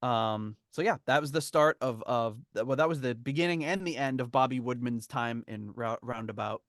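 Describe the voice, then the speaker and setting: Chuckling podcast host, dry sound. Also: male voice, mid-range voice, normal speed, a bit bright, dry recording. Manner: rambling, chuckling storyteller. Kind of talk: casual chat, reading from a memoir.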